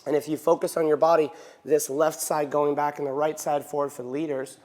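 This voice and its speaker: A man's voice: a little high, flat delivery, a little fast, a little mellow. A male dance teacher giving an instructional lesson, counting beats aloud and checking in with frequent "right?". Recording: echoey hall reverb.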